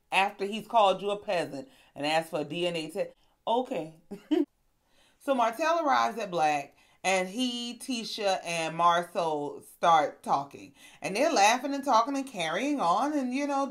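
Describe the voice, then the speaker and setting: A woman hosting a casual reality TV recap, telling the story in a sassy, animated way and acting out the quotes. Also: mid-range voice. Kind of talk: casual commentary.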